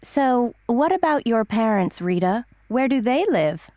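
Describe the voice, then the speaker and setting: A woman's voice: fairly high pitch, sing-song, unhurried, warm tone, no echo. A woman voicing a curious young woman asking questions in a scripted textbook listening dialogue.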